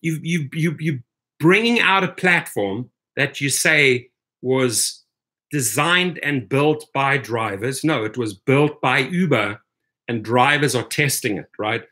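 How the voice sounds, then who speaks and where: A man's voice: mid-range voice, slow, bright, forceful tone. Emphatic man ranting on a live stream. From Washington, D.C., USA. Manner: emphatic, keeps adding "right?"; addresses viewers as "my friends". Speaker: rideshare channel host. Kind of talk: live stream commentary, reading chat.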